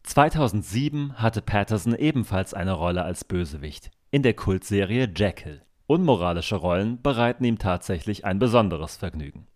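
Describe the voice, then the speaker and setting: A man narrating a documentary and introducing the interview questions in an even, informative way. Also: lowish voice, moderate pace, hardly any pauses.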